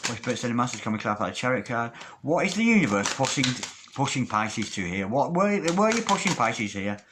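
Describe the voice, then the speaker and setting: A man's voice: mid-range voice, sing-song, fast talker, background noise. A man giving a tarot card reading in a chatty, emphatic way, swearing casually as he goes. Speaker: tarot reader.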